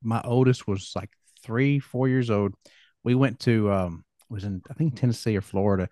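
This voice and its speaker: A man in his forties hosting a casual chat, telling stories in a relaxed way with chuckles. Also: lowish voice, moderate pace, dry recording, clean studio sound. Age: 40s. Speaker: podcast host.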